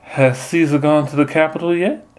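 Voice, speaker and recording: A man's voice: fairly high pitch, steady tone, moderate pace, a little mellow, voice pushed up, close to an everyday voice. A man voicing a nun who plays Portia as a flirty southern belle, with a silky, sweet, coy voice.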